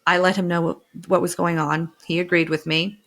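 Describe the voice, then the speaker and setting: Lowish-voiced mom on a podcast, swears a lot, acts out her family in quotes. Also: flat delivery, a little fast, fairly bright tone. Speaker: podcast co-host. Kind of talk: casual chat.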